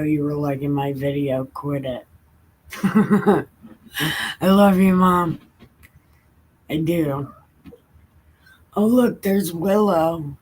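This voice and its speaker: Woman, livestream host, low voice, very slow, laid-back and irreverent, reading scripture at home. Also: a little mellow, poor audio. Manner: laid-back and irreverent, laughing, swearing casually.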